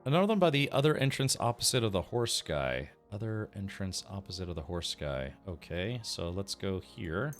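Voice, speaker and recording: Chatty low-voiced male game streamer. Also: sing-song, moderate pace, hardly any pauses, faint music behind. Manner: chatty, thinks aloud, answers chat. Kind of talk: casual gameplay commentary.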